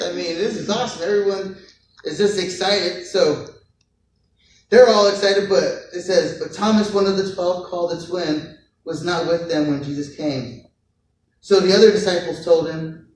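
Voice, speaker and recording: Male pastor, relaxed conversational sermon, acts out the story's people, distant roomy sound. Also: high voice, normal speed, a little hiss or hum. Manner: conversational, acts out voices of figures, repeats words. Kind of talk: casual sermon. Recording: echoey church hall from far off.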